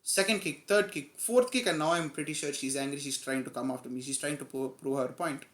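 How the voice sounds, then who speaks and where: A man vlogger telling a personal story in a casual, animated way, stressing key moments. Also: on the high side, fairly quick, roomy sound. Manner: animated, emphatic retelling with quoted dialogue.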